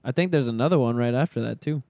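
A man's voice: medium pitch, mellow, no echo. A man co-hosting a podcast in a small studio, reacting with blunt, swear-laden remarks. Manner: swearing, reacting with quick interjections. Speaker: podcast co-host. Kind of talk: casual chat.

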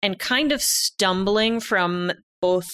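A young adult woman narrating as game master, relaxed and laughing. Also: medium pitch, slow pace, clear, resonant tone.

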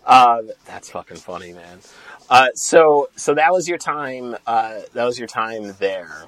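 A man's voice: mid-range voice, lively intonation, unhurried, fairly bright tone, no room sound, poor audio. A man hosting a casual interview who jokes around and swears freely. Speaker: podcast host.

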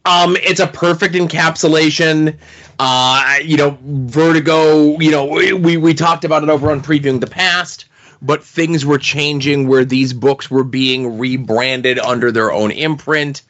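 A man co-hosting a podcast, chatting about comics in a measured, explanatory way. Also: on the high side, steady tone, fairly bright tone, lo-fi sound. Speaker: podcast co-host. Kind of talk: casual chat about comics.

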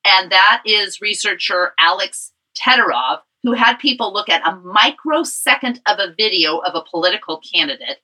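Very bright, lively woman podcast host. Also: mid-range voice, moderate pace, hardly any pauses, rough recording. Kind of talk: casual chat.

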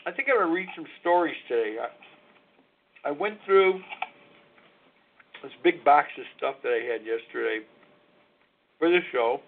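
A man's voice: on the high side, animated, measured pace, creaky, pauses often. A middle-aged man hosting a live recovery call-in show, talking in a frank, reflective, confessional way. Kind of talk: candid personal talk on live radio. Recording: narrow phone-like lo-fi line.

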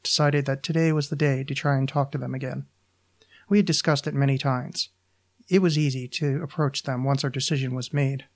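A podcast host reading his own short story aloud in an even, measured way. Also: on the high side.

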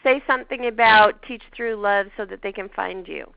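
A woman's voice: mid-range voice, moderate pace, vocal fry, no room sound. A woman with a Canadian accent hosting a show, chatting casually and telling a personal story with laughs. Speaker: podcast host. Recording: dull lo-fi dry sound.

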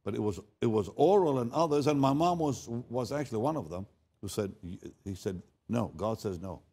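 An older man preaching in a storytelling way. His voice falls to a near hush and then rises loud for emphasis, and he doubles back on his words as he goes. His pitch sits in the middle range. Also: expressive, moderate pace, slightly rough. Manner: dramatic swings from hushed to loud; repeats words and restarts. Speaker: pastor. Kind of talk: sermon storytelling.

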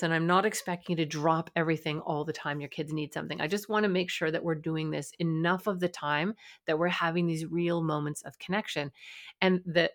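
A middle-aged woman, a child and family therapist, hosting a solo parenting podcast in a conversational, animated storytelling way. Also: on the low side.

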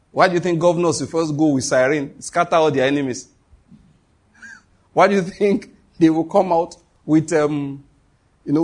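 A middle-aged man preaches to his congregation in an animated, conversational way. His voice sits a little high and has a husky edge. He leads call-and-response and drops into quoted voices as he tells stories. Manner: animated, laughs often, shifts to quoted voices. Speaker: pastor. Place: church hall before a congregation.

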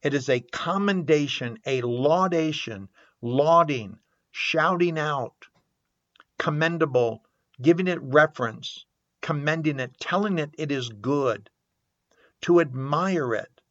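An older man talks through a reflective recovery message at a very unhurried pace, dwelling on single words and repeating them. The sound is dry and close, with a slightly dull, muffled tone. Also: on the high side, a bit bright, no echo. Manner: slow, earnest, repeats words and definitions. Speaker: podcast host.

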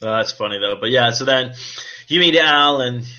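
A man co-hosting a podcast in casual chat, excitable, often jumping into high squealing voices to act out scenes. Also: normal speed, dull audio. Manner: excitable, acts out movie lines in a high squealing voice. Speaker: podcast co-host.

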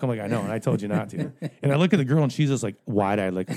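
A man's voice: medium pitch, expressive, quick pace, warm tone. A middle-aged man telling stories in casual chat among friends, swearing freely, rambling, and laughing at his own jokes.

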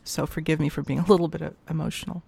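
Effusive gravelly-voiced woman host. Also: low-pitched, level tone, rapid-fire, mellow, slight background noise. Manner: effusive, emotional, grateful. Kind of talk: casual chat.

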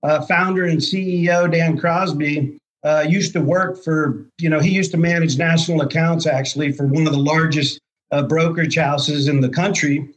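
A man's voice: fairly high pitch, fairly even intonation, normal speed, low-quality recording. A man speaking as a podcast guest in a friendly, chatty way, with lots of fillers. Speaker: podcast guest, energy advisor. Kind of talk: casual interview talk.

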